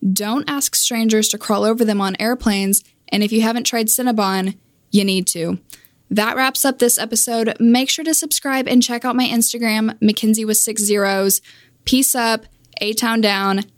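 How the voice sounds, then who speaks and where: A woman's voice: a little high, fairly even intonation, moderate pace, dry recording, clean studio sound. A young woman hosting a podcast, wrapping up in an upbeat, breezy way. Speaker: podcast host. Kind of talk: casual podcast outro.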